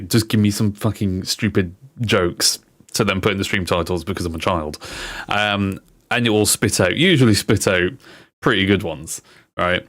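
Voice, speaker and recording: A young man streaming casually, swearing freely and laughing as he reads out silly chatbot jokes in a higher mock voice. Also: a bit bright, dry recording. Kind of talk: casual livestream chat.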